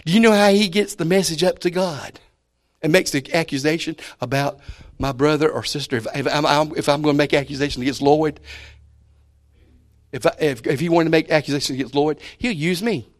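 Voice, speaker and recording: A man preaching a sermon in a folksy way, repeating key words and moving between loud and soft. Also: fairly high pitch, a little fast.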